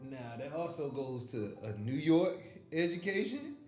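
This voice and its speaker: A man's voice: on the high side, very animated, measured pace, a little mellow. A man in a casual conversation who chimes in often with firm agreement and adds his own points. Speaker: guest. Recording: roomy room with faint music.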